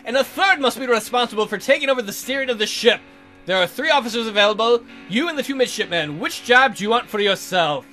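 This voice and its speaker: A man's voice: extremely high pitch, expressive, fast, soft background music. A man hosting a let's play, reading a text adventure aloud with playful jokey commentary and silly voices. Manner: playful, bursts into silly put-on voices and shouts.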